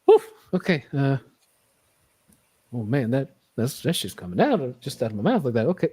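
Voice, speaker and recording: Animated, rambling male podcast host. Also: mid-range voice, normal speed, husky. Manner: rambling, profane and jokey. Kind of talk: casual podcast chat.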